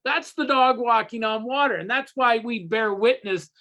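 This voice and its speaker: A man facilitating a recovery workshop over a video call, teaching with spoken parables as an animated storyteller who repeats phrases for emphasis. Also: very high-pitched, moderate pace.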